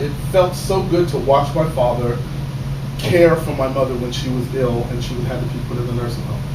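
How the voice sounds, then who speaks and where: A man telling a stand-up comedy story, animated, swinging from quiet asides to shouted punchlines, on a stage. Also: fairly high pitch. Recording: roomy live stage sound from a distance, audible noise.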